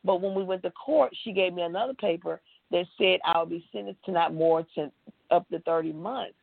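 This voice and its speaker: This interview guest, a Texan woman, has a gravelly, lowish voice and a brisk pace. She shares her story feelingly, acting out quotes, on a dry recording that sounds like a tinny phone line.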